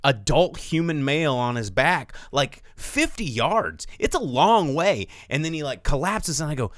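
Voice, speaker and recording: A man in casual chat on a live talk stream. His voice swings widely in pitch as he tells stories and acts out quotes from other people. The sound is dry and close. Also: unhurried, no room sound. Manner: animated storytelling, acts out quotes with big pitch jumps. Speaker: podcast co-host.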